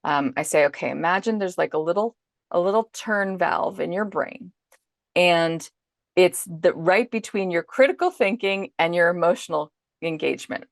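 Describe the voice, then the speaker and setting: A woman parenting coach in a podcast interview, explaining calmly and acting out her own inner self-talk as examples. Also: fairly low pitch, gravelly, no room sound, studio quality.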